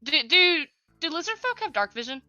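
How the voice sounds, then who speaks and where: A woman narrating as game master of a tabletop game, halting and restarting often with frequent laughs. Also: extremely high pitch, sing-song, pushed and bright, no echo, dull audio.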